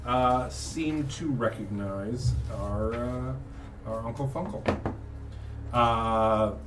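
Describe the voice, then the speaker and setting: A man running a tabletop game as game master, narrating with many pauses and fillers. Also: medium pitch, distant mic, loud music behind the voice. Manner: halting, full of uh and um.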